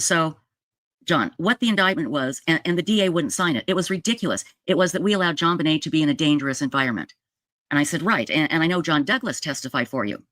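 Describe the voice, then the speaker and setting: A woman recounts events straight to her viewers in a casual, animated retelling. Her pitch leaps up when she stresses a point, and she keeps checking in with a quick "okay?". The sound is dry and close, with no room echo. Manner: addresses viewers directly with frequent "okay?". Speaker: true crime video commentator.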